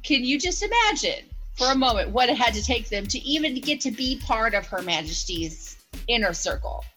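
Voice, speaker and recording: Woman, podcast co-host, casual chat, playful, laughs often, higher voice, faint music. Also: sing-song, normal speed, bright, forceful tone, rough recording.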